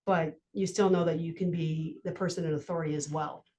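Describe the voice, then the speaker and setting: A woman's voice: low voice, fairly even intonation, a little mellow, slight background noise. A woman who works as a parking enforcement officer, talking candidly in an interview. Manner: candid, chatty, quick laughs. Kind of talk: conversational interview.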